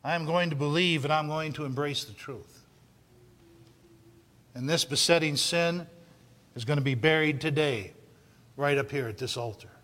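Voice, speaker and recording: Male pastor, fairly high forceful voice, emphatic repeating delivery, big hall reverb. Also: moderate pace, pauses often. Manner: preaching with emphatic repetition, swinging from loud shouts to low intensity. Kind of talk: sermon.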